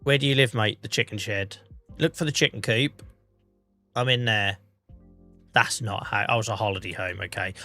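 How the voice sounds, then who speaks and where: A man's voice: lowish voice, normal speed, long pauses, sharp tone, soft background music. An English man streaming a farming game, under the weather with a cough, chatting in a rambling, self-mocking way. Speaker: livestreamer. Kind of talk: casual gameplay commentary.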